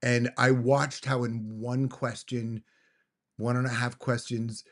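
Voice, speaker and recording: A man's voice: medium pitch, level tone, slow. A middle-aged man hosting a casual interview chat, speaking in an earnest, thoughtful and complimentary way. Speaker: host.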